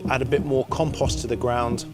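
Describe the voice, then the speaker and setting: A man's voice: mid-range voice, flat delivery, fairly quick. An enthusiastic man presenting gardening tips outdoors in a casual, chatty way, with jokey asides. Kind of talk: casual outdoor how-to demonstration. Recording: music bed under the voice.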